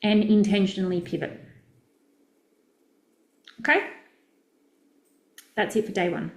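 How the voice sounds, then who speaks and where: A woman's voice: mid-range voice, fairly even intonation, slow pace, roomy sound. A middle-aged Australian woman coaching in a chatty, direct, upbeat way during a casual live stream. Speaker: business coach.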